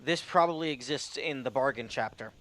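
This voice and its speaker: A man's voice: medium pitch, brisk, a bit bright. A man streaming a mystery puzzle game, thinking aloud in casual muttered commentary with the odd swear. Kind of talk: let's play commentary.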